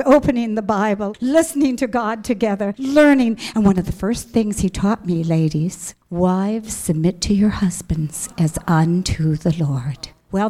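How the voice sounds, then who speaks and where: In a mid-range voice, this middle-aged woman from America's Midwest tells an audience her personal faith story. She acts out what she used to say, animated and full of emphasis.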